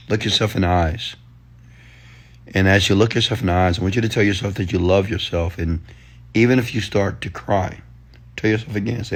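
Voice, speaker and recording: A man's voice: low-pitched, fairly even intonation, quick pace. A man giving a motivational rant in loose, slangy talk, pressing his audience with repeated commands. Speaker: entrepreneur and motivational speaker.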